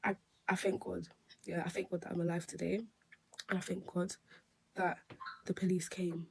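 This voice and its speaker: A woman with a slightly low, husky voice tells a story on her vlog. She rambles and restarts often, and her retelling is heavy with emotion. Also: little pitch movement, moderate pace. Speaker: nail technician. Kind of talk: storytime vlog recounting an incident.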